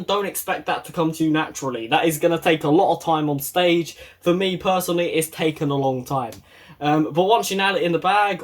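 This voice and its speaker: Young guy with a slightly high voice, talking straight to camera, blunt, jokey, swears a lot. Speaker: YouTuber giving advice. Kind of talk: casual advice monologue.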